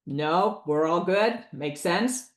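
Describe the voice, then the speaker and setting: A woman's voice: lowish voice, expressive, takes it slowly, roomy sound. A woman presenting a business valuation webinar, explaining figures in a conversational way with asides to her audience.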